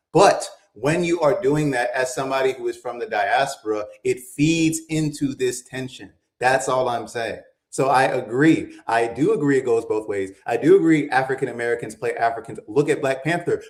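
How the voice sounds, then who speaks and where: A man's voice: medium pitch, reverberant. A man co-hosting a morning talk show, arguing his point insistently and rising to emphatic peaks. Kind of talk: heated debate on a talk show.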